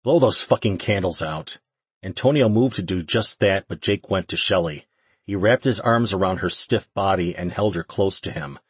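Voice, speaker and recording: Deep husky guy reading an audiobook, steady, dry close mic. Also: normal speed, no room sound. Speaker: audiobook narrator. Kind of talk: scripted narration.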